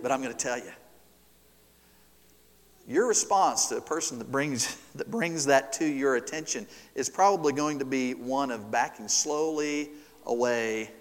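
A man preaching a sermon as pastor, rising and falling sharply in pitch and loudness for emphasis. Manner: expressive preaching with wide swings in pitch and loudness. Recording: long hall reverb.

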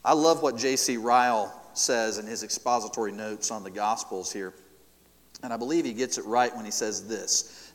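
Expressive preacher man in reverberant hall. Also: normal speed. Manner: expressive preaching with wide swings in pitch and loudness. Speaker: pastor. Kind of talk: sermon.

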